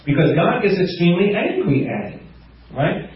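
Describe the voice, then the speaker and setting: A man preaching a sermon, reading scripture in a steadier voice and breaking into laughter and animated emphasis between passages. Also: moderate pace, a little hiss or hum. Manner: laughs often, animated rises in pitch when stressing points; reads scripture aloud in a lower, steadier voice. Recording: echoey hall, far from mic, dull sound.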